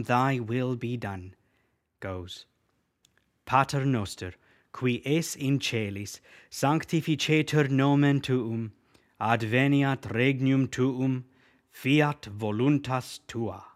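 A man teaching a prayer line by line, repeating each phrase slowly and patiently for the listener to say back. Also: medium pitch. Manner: patient, repeats and drills words aloud; slows to spell out the words.

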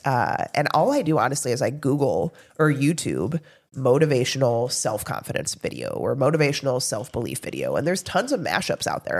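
A woman co-hosting a casual podcast, talking in a lively, animated way that swings widely in pitch. She is in her thirties and tells stories with quick asides and bursts of laughter. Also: breathy edge. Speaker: podcast co-host. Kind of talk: casual chat.

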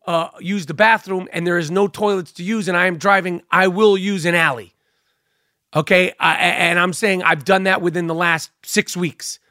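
A middle-aged man spins a profane story on his podcast and acts out the other voices as he goes. His voice sits high for a man. The sound is close and dry, with no room around it. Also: dry recording. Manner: animated, swearing, acts out quoted voices. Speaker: podcast host. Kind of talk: profane comic storytelling monologue.

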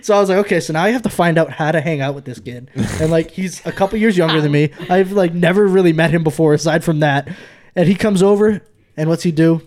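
A man's voice: fairly high pitch, fast talker. Young man telling stories with laughs. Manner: laughing often, animated storytelling. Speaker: podcast host. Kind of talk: casual podcast chat, storytelling.

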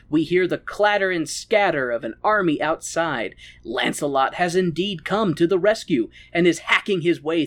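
Irreverent, giggly story recapper. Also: mid-range voice. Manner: irreverent, laughing. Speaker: podcast host.

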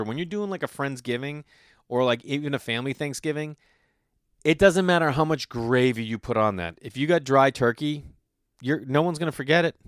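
A man's voice: medium pitch, dry recording, studio quality. Exasperated man riffing on old recipes. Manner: incredulous, exasperated riffing with swearing. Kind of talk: casual comedic chat reading old recipes.

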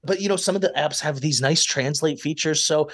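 A man's voice: a little high, brisk, fairly bright tone. A man in his late twenties, a guest chatting casually on a video call and laughing often. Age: late 20s. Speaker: podcast guest, reality show contestant. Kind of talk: casual chat.

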